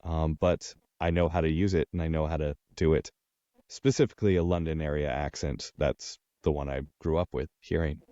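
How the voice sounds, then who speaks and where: Deep, hesitant male narrator. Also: steady tone, moderate pace, dark tone, no echo, highs cut off. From Texas. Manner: hesitant, many ums and uhs. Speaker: audiobook narrator. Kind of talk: casual interview chat.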